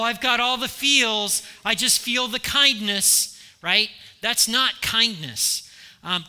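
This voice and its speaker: A man gives a sermon in a church, his high, very bright voice carrying lively stories and repeated, emphatic points. A long reverb from the hall trails behind every phrase. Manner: animated storytelling with emphatic repetition. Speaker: pastor.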